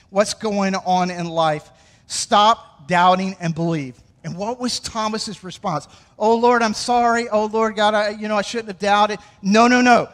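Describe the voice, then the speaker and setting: High-voiced pastor preaching in a hall. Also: male voice. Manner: energetic, conversational preaching with audience call-outs. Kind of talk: sermon. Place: church sanctuary. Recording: long hall reverb.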